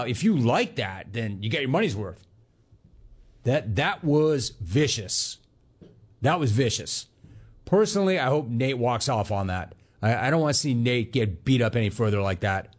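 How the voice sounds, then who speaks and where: A man's voice: mid-range voice, very animated. Emphatic male sports radio host. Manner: conversational, emphatic, quick bursts with repeated words. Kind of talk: sports talk radio monologue.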